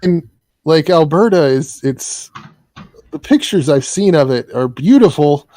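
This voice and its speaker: Mellow, slow-talking male host. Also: on the high side, animated, no echo. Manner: laid-back, joking, hesitant with ums. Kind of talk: casual interview chat.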